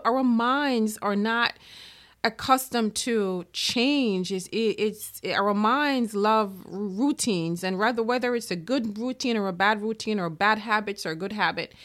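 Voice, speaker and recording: A woman speaking as a motivational speaker in an earnest manner, now and then acting out the doubting inner voice. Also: mid-range voice. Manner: earnest, acts out inner-voice quotes. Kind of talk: motivational talk.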